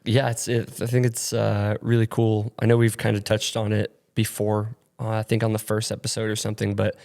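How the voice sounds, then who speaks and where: A man's voice: on the low side, monotone, a little fast, vocal fry, darkish tone. A young man from upstate New York talks into a studio mic, his voice stuffy and nasal. He rambles easily between topics and leans on fillers. He laughs often as he goes. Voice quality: nasally, congested from allergies. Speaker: podcast co-host. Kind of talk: casual chat. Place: rented studio.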